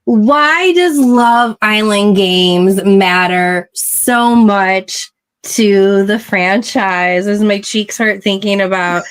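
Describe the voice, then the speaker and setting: A woman hosting a casual chat show, explaining things in a measured way. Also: mid-range voice, clean tone. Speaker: podcast host.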